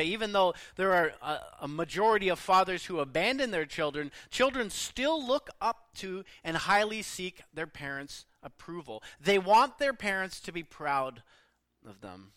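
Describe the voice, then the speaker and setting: Bright-voiced preacher man, dry sound. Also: high voice, no room sound. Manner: earnest, emphatic preaching with pauses and soft trailing endings. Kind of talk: sermon.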